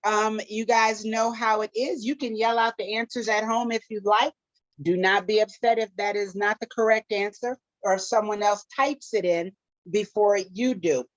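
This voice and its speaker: A woman's voice: mid-range voice, fairly even intonation, normal speed, no room sound, lo-fi sound. A woman co-hosting a live talk show, chatty and laughing often as she runs a quiz game. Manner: chatty, laughs often, drops into playful foreign phrases. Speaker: co-host running a game segment. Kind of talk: casual live podcast chat.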